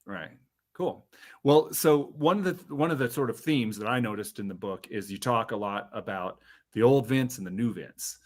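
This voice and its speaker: A man hosting a podcast interview, asking questions in a low-key, halting way. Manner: low-key, brief acknowledgements. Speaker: podcast host.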